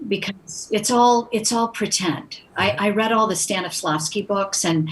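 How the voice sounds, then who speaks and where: Animated woman telling stories, faint hiss. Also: medium pitch, unhurried, low-quality recording. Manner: animated anecdotes with acted-out quotes. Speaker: actress, guest. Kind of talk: conversational storytelling.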